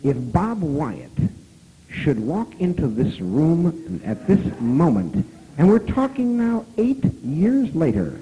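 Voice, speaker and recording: A man telling a story at a live convention talk, animated and profane, who now and then breaks into loud shouting. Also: a little high, takes it slowly, slight background noise, rough recording. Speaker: guest of honor speaker.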